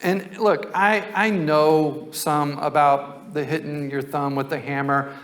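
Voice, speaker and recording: A man's voice: on the high side, fairly bright tone. A male pastor preaching a sermon in a conversational, folksy storytelling way.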